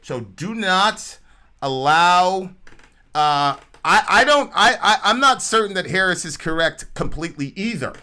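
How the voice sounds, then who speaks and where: A man's voice: sits high, animated, a little slow, bright, forceful tone. A man co-hosting a livestream talk show, preaching animatedly and acting out quoted voices. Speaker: show co-host.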